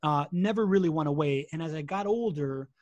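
A man's voice: on the high side, brisk, a little mellow, no room sound, dull audio. A man in his forties, born in Latin America and raised in Miami and Spain, telling his story in a chatty, self-deprecating way as a podcast guest. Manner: chatty, self-deprecating, repeats words while talking. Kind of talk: casual storytelling interview.

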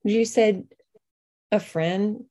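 A woman hosting an interview, speaking in a measured, reflective way. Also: medium pitch, mellow. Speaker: host.

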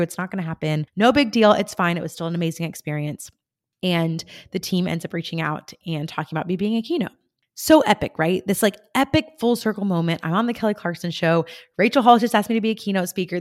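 A woman's voice: on the low side, a little mellow. A young woman hosting a podcast, telling personal stories in a casual, gushing way and acting out her own thoughts. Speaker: podcast host. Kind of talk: casual storytelling monologue.

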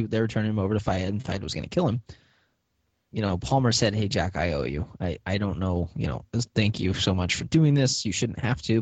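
Recapping a TV episode on his podcast, a man speaks casually in a low voice. He makes it a lively retelling, performing the characters' lines with laughter. There is no room sound.

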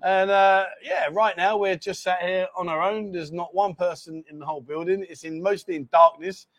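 A man's voice: sits high, fairly even intonation, moderate pace, fairly bright tone, dry recording. A man hosting a casual livestream from a bar, chatty and apologetic, bantering with his co-host.

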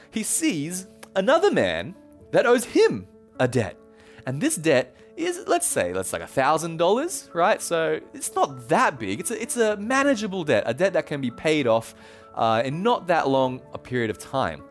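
Animated male pastor telling a parable. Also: a little high. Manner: animated storytelling with playful asides. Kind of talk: sermon.

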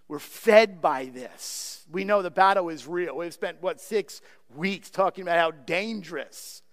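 Male pastor, high voice, earnest pleading sermon delivery, long hall reverb. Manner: earnest, pleading, repeats words.

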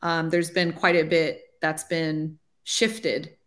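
Woman, forties, ministry leader, interview guest, chatty testimony, lots of "like", slightly low voice. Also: level tone, takes it slowly. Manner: chatty, says "like" often, acts out her own past thoughts. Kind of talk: conversational testimony.

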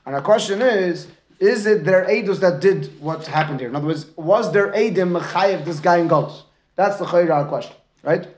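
This Talmud lecture, with questions from students, is given by a high-pitched man at normal speed in an echoey room with slight background noise. He mixes Aramaic and Hebrew into his English and often checks in by asking "right?".

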